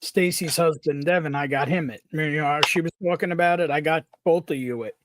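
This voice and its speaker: A man's voice: fairly high pitch, fairly quick, noisy background. A man chatting as a guest on a live stream over a video call, matter-of-fact and asking questions. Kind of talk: casual chat over whiskey tasting.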